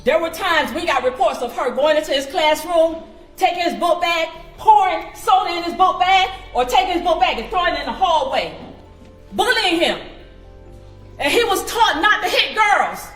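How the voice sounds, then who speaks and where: A woman's voice: very high-pitched, animated, moderate pace, fairly bright tone, soft background music. A woman, a relative of the victim, giving an earnest, indignant statement. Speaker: relative of the victim, speaking in court. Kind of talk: spoken statement. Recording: echoey room.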